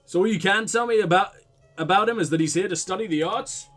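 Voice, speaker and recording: A man's voice: sits high, quick pace, a bit bright, soft background music. A man voicing a blunt, impatient police detective who questions in a probing, exasperated way. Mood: pressing, impatient.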